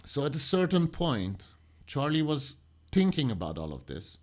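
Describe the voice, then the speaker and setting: Animated man doing reaction commentary. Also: fairly high pitch, moderate pace. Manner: animated, argumentative, acts out quotes. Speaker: true crime reaction commentator.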